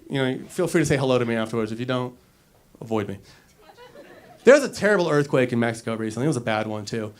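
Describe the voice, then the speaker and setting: A man doing a stand-up comedy set on a club stage into a handheld mic, brash and profane, swinging between loud bursts and mumbled asides. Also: medium pitch.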